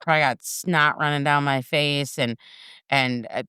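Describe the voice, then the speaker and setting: A woman's voice: deep voice, steady tone, moderate pace, pushed and bright, smooth, dry recording, clean studio sound. A woman co-hosting a podcast who speaks bluntly, swears casually and jokes at her own expense. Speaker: podcast co-host. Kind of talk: casual chat.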